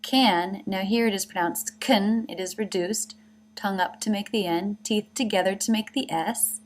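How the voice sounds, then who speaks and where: A woman's voice: mid-range voice, fairly even intonation, moderate pace, slight background noise. A woman narrating a pronunciation lesson, speaking carefully and demonstrating each sound. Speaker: pronunciation teacher. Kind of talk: scripted instructional narration.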